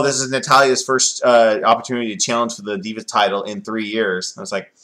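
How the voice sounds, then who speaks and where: A man's voice: medium pitch, a bit bright. A man casually reviewing a wrestling reality show, rambling with many fillers and sarcastic asides.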